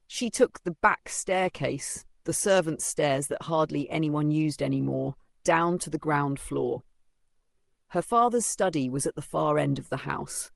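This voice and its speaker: Man, story narrator, steady dramatic reading, gravelly, dry. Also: a little high, unhurried, no echo.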